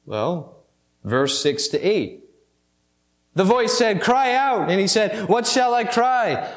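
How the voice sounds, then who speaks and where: A man preaching a sermon, reading scripture slowly and with emphasis, then explaining it with wry asides. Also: sits high, big pitch swings, echoey room. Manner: reads scripture slowly and emphatically, with mock self-important asides.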